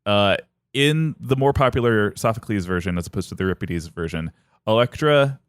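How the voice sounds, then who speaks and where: Smooth low-voiced man telling a myth. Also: no room sound. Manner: animated, acts out characters in quick bits. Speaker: podcast host retelling a myth. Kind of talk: comedic storytelling chat.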